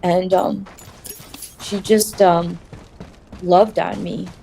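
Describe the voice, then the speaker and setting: A woman telling her personal story in an interview, in a halting, confessional way. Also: lowish voice, level tone, gravelly, mellow, a little hiss or hum.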